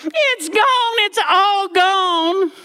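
A man voicing a bossy, dramatic old grandmother who scolds in a shrill voice. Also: expressive, drawn-out words, bright, forceful tone, heavily acted. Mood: shrill scolding.

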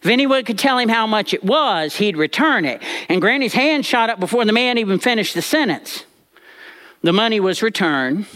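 A man telling a funny personal story from his childhood with comic timing and drawn-out pauses. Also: high voice, expressive, sharp tone.

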